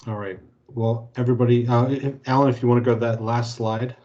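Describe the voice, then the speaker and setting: A man moderating a corporate training webinar over a video call, easygoing and halting, with many fillers. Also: mid-range voice, little pitch movement, warm tone. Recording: muffled video-call audio.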